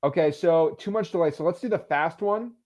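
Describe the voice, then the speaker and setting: A man hosting a live stream, talking casually and excitedly to his chat and joking with the viewers. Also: on the high side, fairly quick, muffled recording. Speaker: host of a live stream on real estate cold calling.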